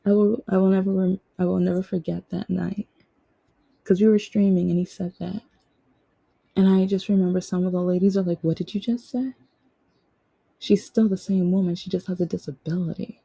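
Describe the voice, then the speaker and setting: A woman's voice: lowish voice, flat delivery, fairly quick, vocal fry, mellow, slightly rough, no echo, rough recording. A woman hosting her own podcast, telling personal stories in a rambling, casual way, often restarting and quoting others. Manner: rambling, with frequent restarts and quoted dialogue. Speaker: podcast host. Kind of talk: casual storytelling monologue.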